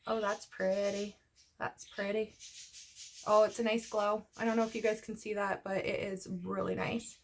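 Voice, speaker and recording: This beauty vlogger's mid-range voice has little pitch movement and a normal speed, with slight background noise present. Chatty and rambling, she talks through her makeup in a casual get-ready-with-me chat, slightly out of breath.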